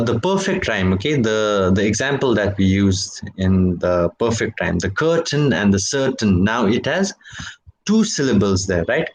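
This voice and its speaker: A man giving a university lecture on poetry. He speaks slowly and deliberately, often says "okay" and "right", and draws out example words, jumping up in pitch on them. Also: a little hiss or hum, poor audio.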